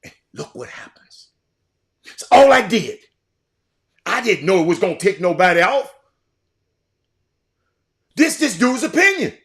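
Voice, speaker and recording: An older man with a drawl delivers a heated monologue as a show host, his fairly high voice leaping all over its range. He repeats words and swings from loud outbursts to quiet musing. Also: very animated, a little slow, long pauses. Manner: fiery, repetitive, swinging from shouting to quiet. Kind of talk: impassioned monologue.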